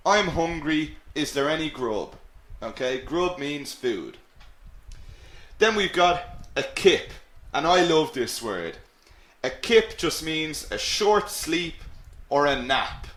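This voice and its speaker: A man's voice: medium pitch, fairly bright tone, echoey room. An Irish man teaching English in a live webinar, upbeat and encouraging, repeating key phrases. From Ireland.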